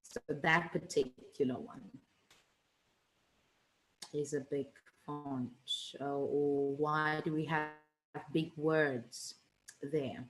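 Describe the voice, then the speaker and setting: A woman's voice: low voice, steady tone, extremely slow, pauses often, a little hiss or hum, low-quality recording. A woman teaching an online revision lesson, chatty and teasing, with many fillers and restarts.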